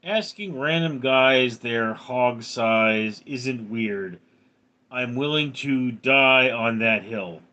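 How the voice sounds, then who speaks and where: A man's voice: medium pitch, slow, sharp tone, highs cut off. A man in his thirties live streaming, reading out viewers' names and answering them with crude, joking replies. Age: 30s. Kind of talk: casual live-stream chat.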